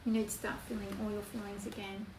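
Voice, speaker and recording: A woman giving a spoken tarot reading in an earnest, emotional way, with slow emphatic phrasing. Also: mid-range voice, level tone. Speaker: tarot reader. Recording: echoey room, voice from off-mic, background noise.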